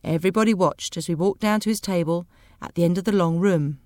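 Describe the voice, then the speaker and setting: A woman reading a storybook aloud in a clear, measured, expressive way. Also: on the low side, no echo, clean studio sound. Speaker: audiobook reader. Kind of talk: scripted narration of a graded reader.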